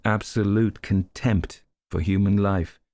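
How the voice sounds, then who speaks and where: Deep, gravelly male audiobook narrator. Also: fairly even intonation, takes it slowly, a little mellow, no echo.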